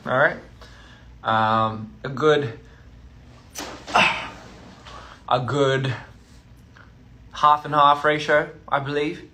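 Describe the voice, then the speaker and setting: A man's voice: medium pitch, sharp tone, a little hiss or hum. A man chatting casually on a phone live stream, playful and teasing, as a touring artist talking to his fans.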